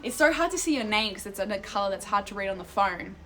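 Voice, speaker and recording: A woman's voice: mid-range voice, expressive, quick pace, fairly bright tone, slight background noise. Chatty young woman streaming outdoors. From Australia. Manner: chatty, sidetracked, swears casually, reads chat aloud. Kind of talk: casual chat to a live chat. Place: outdoors in an Italian town, walking.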